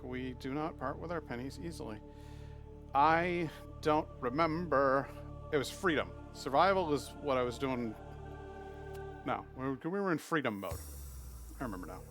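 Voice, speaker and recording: A man live-streaming a video game, chatting playfully with viewers and cooing at the creatures on screen. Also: mid-range voice. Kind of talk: casual live-stream chat while playing.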